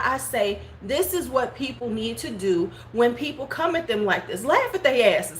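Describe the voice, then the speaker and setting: Talking at normal speed with few pauses, a middle-aged beauty vlogger hosts a casual livestream in a fairly high, expressive voice. She's frank and blunt, laughs a lot and answers viewers' chat comments, recorded in a roomy home room with faint background noise.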